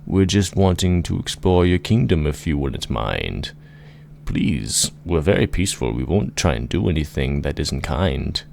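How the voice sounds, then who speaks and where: A man voicing a polite, eager male hobbit in an improvised fantasy story, in a slightly raised, drawn-out voice. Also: rumbling low, sing-song, gravelly, darkish tone, a little hiss or hum, full character voice.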